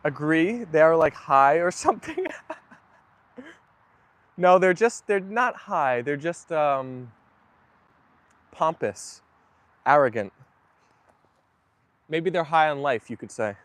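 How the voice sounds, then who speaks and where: A man's voice: fairly high pitch, takes it slowly, pauses often, no room sound. A young man hosting a livestream, chatting casually and answering viewer comments as they come in. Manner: relaxed, chatty, often agreeing with viewers. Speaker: livestream host.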